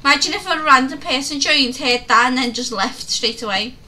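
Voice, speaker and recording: Giggly woman streamer, bright high voice. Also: brisk. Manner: chatty storytelling, laughs often. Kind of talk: casual gaming stream chat.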